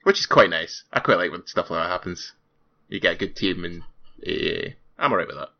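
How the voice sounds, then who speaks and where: Low man, relaxed dry podcast chat, dull lo-fi sound. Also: a little fast, creaky. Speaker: podcast co-host. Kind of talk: casual chat.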